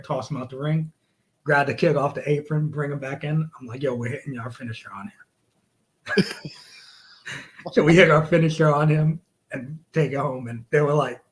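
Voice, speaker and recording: Profane, animated male wrestler telling stories. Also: on the high side. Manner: animated, acts out quotes, drops to whispers. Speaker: podcast guest, wrestler. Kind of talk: casual storytelling, profane.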